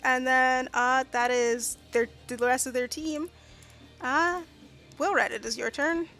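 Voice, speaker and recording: High, bright woman game master. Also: steady tone, slow, soft background music. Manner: chatty, hesitant with fillers. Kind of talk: running a tabletop game.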